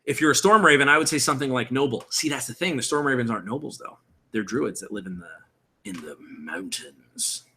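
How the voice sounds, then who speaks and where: A man's voice: mid-range voice, quick pace, pushed and bright. A man explaining character creation on a live stream in a casual, rambling way, thinking aloud and answering viewer chat. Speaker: streamer building a game character. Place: room at home with window blinds.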